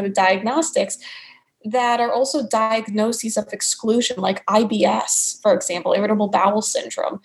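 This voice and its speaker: A woman's voice: fairly high pitch, rough recording. New York woman, chatty explainer. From United States. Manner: explanatory, many "you know" fillers. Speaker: naturopathic doctor, guest. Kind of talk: conversational interview answers.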